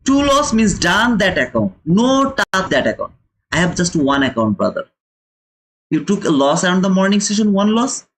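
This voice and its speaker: A man's voice: sits high, big pitch swings, moderate pace, a bit bright. A man hosting a live trading lesson, lecturing viewers emphatically and repeating phrases for stress. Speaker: trading educator and channel host.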